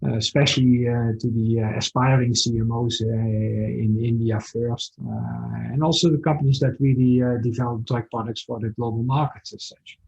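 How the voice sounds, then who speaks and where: A man speaking as a company founder in a business interview, pausing often with fillers over a video call. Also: medium pitch, steady tone, vocal fry, darkish tone, poor audio. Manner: hesitant, many fillers.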